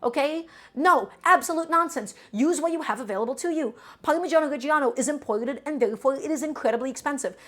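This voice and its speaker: A woman's voice: sits high, fast, hardly any pauses, fairly bright tone. A woman from Brooklyn who hosts a live cooking stream, explaining each step as she cooks and answering viewers' questions in a chatty way. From Brooklyn, New York.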